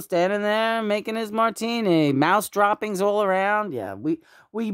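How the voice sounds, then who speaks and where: Rambling woman telling family stories. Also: lowish voice. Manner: rambling, with frequent fillers and restarts, and laughter. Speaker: host of a home memorial. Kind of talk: casual storytelling.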